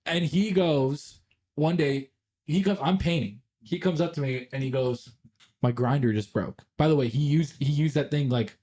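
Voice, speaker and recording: Casting note: young guy on a podcast, a bit higher voice, rambling swear-heavy story with lots of laughs. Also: normal speed, warm tone, breathy edge. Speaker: podcast co-host. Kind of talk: casual chat storytelling.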